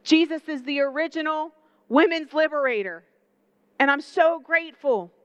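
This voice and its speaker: High-voiced animated woman preacher. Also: normal speed, dry recording, highs cut off. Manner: animated, conversational preaching with rhetorical questions. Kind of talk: sermon.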